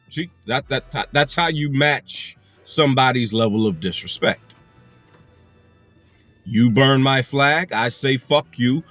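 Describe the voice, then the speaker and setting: In a mid-range, fairly bright voice with no echo, a commentary channel host delivers a furious, profanity-heavy rant. He drives his points home emphatically by repeating phrases.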